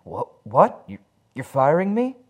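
A man voicing a frightened young office worker who pleads in shrill panic. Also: fast, lightly acted. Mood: panicked.

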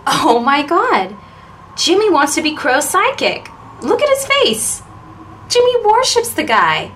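A woman's voice: high-pitched, big pitch swings, a little slow, a bit bright, slight background noise, exaggerated voice. Woman playing a sarcastic teen girl ghost. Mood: teasing. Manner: dry, teasing asides.

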